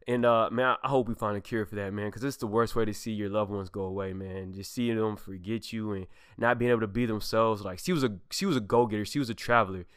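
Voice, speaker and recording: A man's voice: on the low side, a bit bright, smooth, no room sound, clean studio sound. A young man hosting a podcast, telling heartfelt personal stories in a casual, emphatic way with loose slang, acting out quoted lines. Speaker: podcast host.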